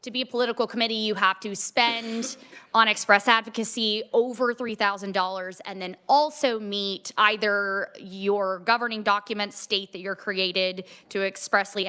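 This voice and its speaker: A woman testifying before a legislative committee, explaining policy in a measured way with frequent fillers. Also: medium pitch, fairly even intonation, sharp tone, clear, resonant tone. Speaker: ethics commission staff testifying.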